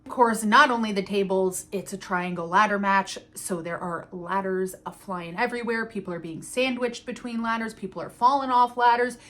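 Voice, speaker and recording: A woman's voice: medium pitch, normal speed, few pauses, fairly bright tone. A woman chatting casually and enthusiastically as she reviews a wrestling event, with the odd casual swear.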